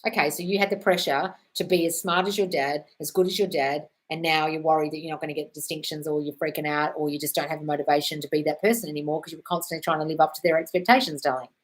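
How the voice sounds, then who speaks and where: A woman's voice: sits low, fairly even intonation, fast talker, hardly any pauses, low-quality recording. A woman hosting a live question-and-answer stream, giving frank, direct advice, swearing freely and calling viewers darling.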